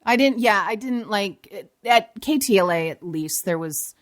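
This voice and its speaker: A woman in a relaxed podcast chat, talking freely and often making fun of herself. She speaks at an ordinary mid pitch, like a former morning TV presenter trading stories. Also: unhurried. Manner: chatty and self-mocking. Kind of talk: casual chat.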